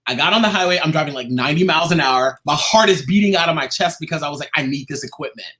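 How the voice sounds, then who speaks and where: Guy chatting as an interview guest, animated storyteller, acts out what people said. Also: fairly high pitch, fast talker. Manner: animated, acts out quoted voices.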